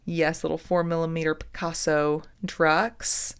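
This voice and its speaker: Slow, low-voiced woman gushing over beads. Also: clear, resonant tone. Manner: gushing, excited, often drops to a whisper. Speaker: jewelry-making channel host. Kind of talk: unboxing vlog.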